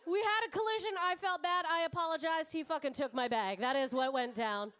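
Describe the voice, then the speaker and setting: Brash high-voiced woman comic. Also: brisk, fairly bright tone. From Canada. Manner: brash, swearing, chatty with the crowd. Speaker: stand-up comedian. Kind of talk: stand-up comedy set. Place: comedy club stage.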